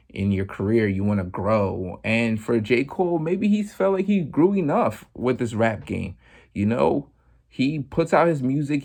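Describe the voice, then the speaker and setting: Chatty man with a gravelly voice. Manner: relaxed and chatty, full of "like" and "you know", acts out quotes in a much higher voice. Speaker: podcast host. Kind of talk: casual commentary monologue.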